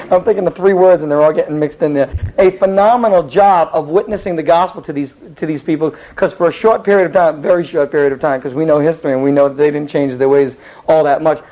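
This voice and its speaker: Rambling, high-voiced male Bible teacher. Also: dull audio. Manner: lively, rambling, many restarts. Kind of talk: animated Bible storytelling lesson.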